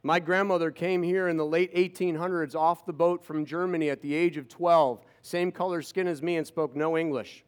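A man's voice: on the high side, fairly even intonation, normal speed, hardly any pauses, clear, resonant tone. A man in his fifties telling personal stories to an audience, with sarcastic asides. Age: 50s. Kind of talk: storytelling talk to an audience.

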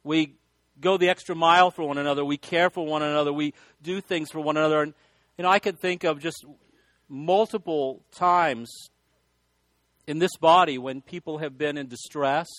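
A man's voice: a little high, a bit bright, dry recording. A male pastor preaching a sermon, telling folksy stories and often restarting his sentences. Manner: folksy storytelling with repeated restarts.

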